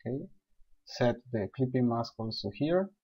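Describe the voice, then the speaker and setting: A man calmly explaining software steps one by one in a screen-recorded tutorial. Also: mid-range voice, moderate pace, breathy edge. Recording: dull lo-fi voice recording.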